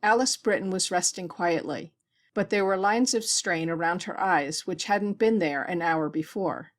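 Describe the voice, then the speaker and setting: A woman reading a science fiction story aloud as an audiobook narrator, with a steady, even delivery. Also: on the low side, moderate pace. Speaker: audiobook reader.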